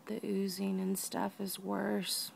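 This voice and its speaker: Tired, gravelly woman speaking slowly and breathlessly. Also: medium pitch, monotone, a little hiss or hum. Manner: tired, soft-spoken, often drops to a whisper. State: weak and out of breath. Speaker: vlogger. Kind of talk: personal video diary. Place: lying down at home.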